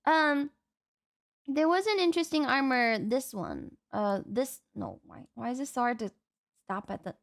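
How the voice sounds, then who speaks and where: A woman streamer chatting casually as she reacts, excitable and swearing freely. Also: sits high, a little slow, vocal fry.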